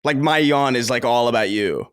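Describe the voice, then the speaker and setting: A man co-hosting a podcast in casual chat, sardonic and quick to swear. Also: medium pitch, smooth, no room sound, clean studio sound. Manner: animated, sardonic, swears freely. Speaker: podcast co-host.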